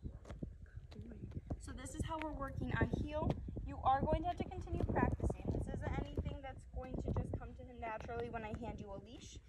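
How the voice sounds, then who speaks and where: Woman dog trainer, high voice, calm soft commands, off-mic, loud background noise. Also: quick pace, recorded from a distance. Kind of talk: outdoor training demonstration.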